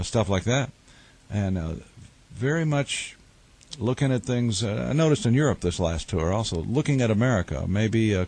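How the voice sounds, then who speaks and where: Radio guest with a drawl, rambles and jokes dryly, studio interview. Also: male voice, low voice, darkish tone. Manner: rambling, wry storytelling with restarts. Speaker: guest musician and author.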